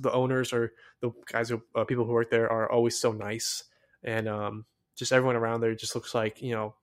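Young American man, solo podcast host; excitable, rambling casual delivery full of fillers. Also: medium pitch.

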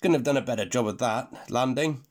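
A man's voice: mid-range voice, brisk, darkish tone, voice pushed up, lightly acted. A man voicing a cheerful, chatty male spaceman guide in a read-aloud storybook, breezy and encouraging. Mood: cheery.

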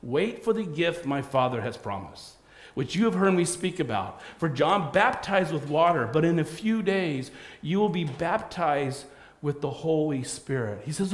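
A man delivers a sermon to a gathered room, reading scripture and then animating the characters in it. His voice sits a little high and ranges expressively, and the recording carries a noticeable echo from the space. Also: unhurried. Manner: animated storytelling, acting out voices. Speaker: pastor. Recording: roomy echo.

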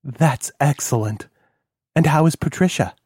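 A man voicing a gentle, loving older mother who speaks softly and tenderly in a dry, close recording. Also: fairly high pitch, unhurried, breathy edge, dry recording. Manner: soft, tender, gentle questioning.

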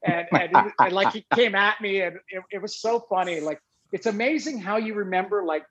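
A man with a high voice tells an animated, rambling story in casual chat, often restarting his sentences. The recording has a dull, lo-fi quality. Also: brisk. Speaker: former hockey goalie, guest.

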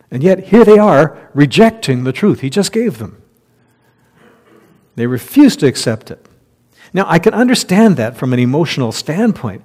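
A man's voice: a little high, big pitch swings, normal speed, a little mellow. A man preaching a conversational sermon as pastor, reading scripture aloud and laughing at his own slips. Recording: long hall reverb.

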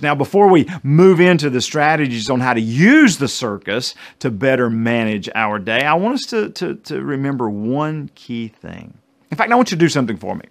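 A middle-aged man with a North Carolina accent giving a motivational presentation, joking and speaking straight to his listeners. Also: medium pitch. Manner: animated, jokey, addresses listeners directly. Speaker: keynote speaker.

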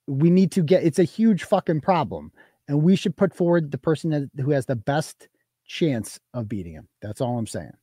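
A man's voice: on the high side, animated, normal speed, mellow, breathy edge, no echo. Man ranting on a live show, dry sound. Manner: heated, swearing constantly, restarts mid-sentence. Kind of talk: profane political rant.

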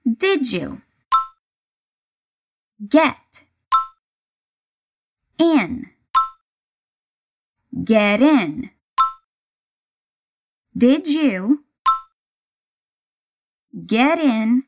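A woman teaching English pronunciation, speaking clearly and deliberately and breaking phrases into single words for the listener to repeat. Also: a little high, animated. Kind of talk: slow repeat-after-me pronunciation lesson.

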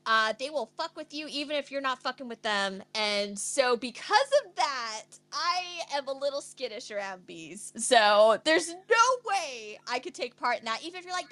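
A woman from Arizona chatting casually on a show, animated and exclamatory, swearing freely. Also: on the high side, moderate pace. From Arizona, USA. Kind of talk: casual chat.

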